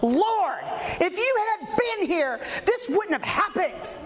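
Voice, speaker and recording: A woman's voice: sing-song, echoey room, long reverb tail, a crowd in the background, full character voice. A woman preacher voicing a bold, indignant woman scolding Jesus in an exasperated, accusing tone. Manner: exasperated, accusing, drawn-out high delivery.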